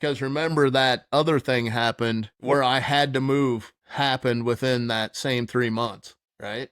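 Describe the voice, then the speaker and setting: A man's voice: medium pitch, fairly even intonation, a little slow, a bit bright, clean tone, dry recording, studio quality. A man hosting a podcast, telling a wild story in casual, rambling chat, swearing freely and laughing as he goes. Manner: rambling, profane, laughs through his story. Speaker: podcast host.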